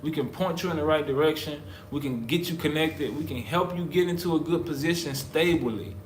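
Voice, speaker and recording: A man from the United States with a higher, brisk voice talks casually to camera as the husband on a couple's vlog channel. He's emphatic and preacherly, repeating his points, and the recording has a roomy echo with faint background noise.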